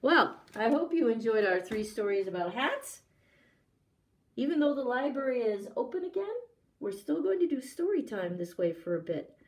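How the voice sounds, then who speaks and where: A woman librarian reading a picture book aloud at story time, pausing to ask the young listeners questions. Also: a little high. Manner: slow, expressive, asks young listeners questions. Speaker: children's librarian.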